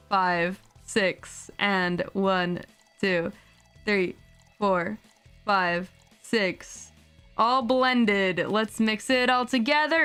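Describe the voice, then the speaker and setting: A woman streaming a game, chatting casually, animated, swearing and laughing often. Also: mid-range voice, clean tone. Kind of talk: casual gameplay stream commentary.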